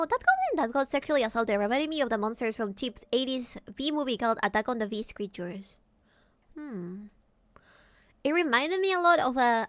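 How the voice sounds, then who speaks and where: A woman's voice: on the high side, a bit bright, no room sound. A woman streamer chatting casually and jokily while she sketches, thinking aloud as she goes. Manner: playful, jokey, thinking aloud.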